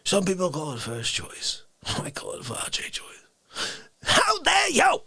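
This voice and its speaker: A man playing an indignant, easily offended Bronx man in an improvised comedy rant, lurching between shouts and whispers. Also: high voice, huge pitch swings, measured pace, creaky, slightly rough, dry recording, exaggerated voice.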